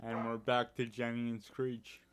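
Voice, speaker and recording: A man's voice: mid-range voice, completely flat delivery, measured pace. An American man co-hosting a music reaction video, chatting casually with wry, sarcastic asides. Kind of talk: casual chat.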